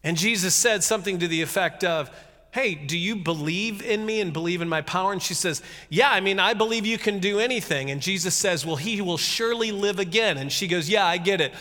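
A man giving a casual, conversational sermon, retelling a scripture story with jokey asides and animated reading. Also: high voice, a little fast, long reverb tail. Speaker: pastor.

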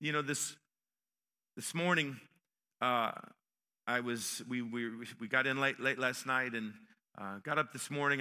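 A man preaching a sermon as pastor, rising to loud emphatic peaks and dropping to quiet storytelling. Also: mid-range voice, clear, resonant tone. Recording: long reverb of a large hall.

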